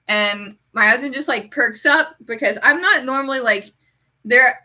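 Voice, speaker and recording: A woman streamer in casual chat, an animated storyteller who fills her talk with "like". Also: a little high, normal speed. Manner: chatty, heavy use of "like".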